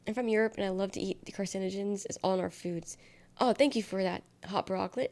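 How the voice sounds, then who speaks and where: A young woman streams live, her voice gravelly with a noticeable fry at mid pitch. She rambles through casual chat and answers viewer comments with sarcastic quips, speaking into a desk mic. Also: quick pace, a little mellow. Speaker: livestreamer.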